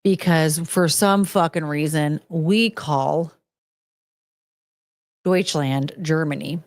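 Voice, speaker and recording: Brief: woman podcast host, profane rambling rant, unhurried delivery, dry close sound. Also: low voice, no room sound. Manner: profane, ranting, swears freely; rambling, loses her train of thought. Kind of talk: casual chat.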